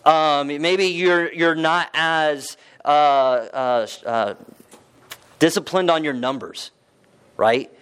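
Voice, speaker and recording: A man's voice: a little high, slow, fairly bright tone, clear, resonant tone. A man giving a casual, conversational talk to a live audience, often asking them questions and using fillers. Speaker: real estate investment speaker.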